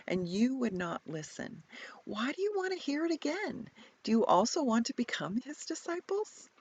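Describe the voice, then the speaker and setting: A woman's voice: mid-range voice, sing-song, normal speed, a little mellow, lo-fi sound, voice pushed up. A woman reading the part of a man born blind who has been healed, giving pointed, slightly snarky retorts. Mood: exasperated. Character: man born blind, newly sighted, bold and exasperated.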